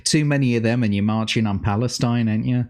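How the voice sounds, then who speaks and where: A man's voice: medium pitch, a little fast. A man co-hosting a casual livestream chat, laughing often and swearing freely. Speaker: co-host.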